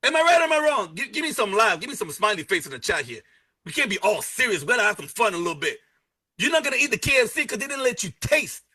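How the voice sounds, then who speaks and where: A man giving an energetic live sales pitch, repeating key words and joking with his chat audience. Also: fast, slightly rough. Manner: energetic, repetitive, salesy, playful asides. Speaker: presenter pitching a travel membership.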